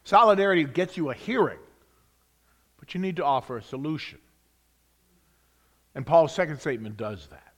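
Dramatic preacher man, loud then hushed. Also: fairly high pitch, expressive, moderate pace, pauses often. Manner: dramatic shifts between loud emphasis and hushed whispers; reads scripture with rising emphasis on each "and". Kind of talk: sermon.

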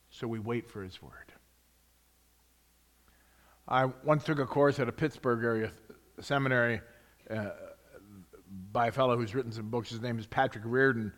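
A man preaching a sermon, swinging between loud emphasis and hushed whispers, reading scripture with rising excitement. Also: mid-range voice.

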